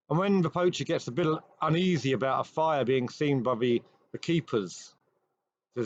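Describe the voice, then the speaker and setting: Man retelling a ghost story, measured. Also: mid-range voice, no room sound. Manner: measured storytelling with dramatic pauses. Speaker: host. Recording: dry, slightly dull recording.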